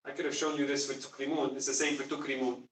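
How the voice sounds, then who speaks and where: A man's voice: medium pitch, level tone, rapid-fire, fairly bright tone, a little hiss or hum. A man teaching a Quran class, explaining emphatically and quizzing his students. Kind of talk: classroom lesson. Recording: echoey room, distant mic.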